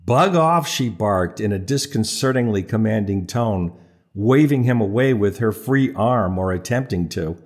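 A man's voice: on the low side, normal speed, a little mellow. Man narrating with wry humor. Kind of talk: audiobook narration.

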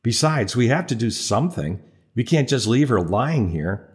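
A man's voice: medium pitch, very animated, moderate pace, close to an everyday voice. Man doing a pushy young would-be rescuer. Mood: insistent. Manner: wheedling, insistent.

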